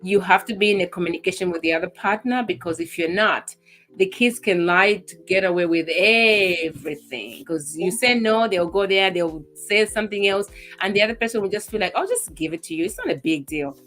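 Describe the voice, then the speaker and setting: A woman's voice: medium pitch, a little fast, a bit bright, soft background music. A mother on a talk show panel chatting about her children, playing out their requests in little voices. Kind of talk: casual chat.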